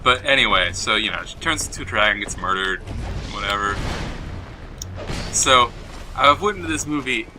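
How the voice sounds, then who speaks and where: A man's voice: medium pitch, lively intonation, moderate pace, long pauses, background noise. A man co-hosting a gaming show, retelling a film plot in a rambling, dismissive way with lots of fillers. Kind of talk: casual chat while playing a game. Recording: game music behind the voice.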